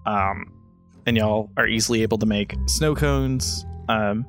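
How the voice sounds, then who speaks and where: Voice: mid-range voice, unhurried, faint music behind. A game master narrating a tabletop role-play podcast in a casual way, with many ums and likes.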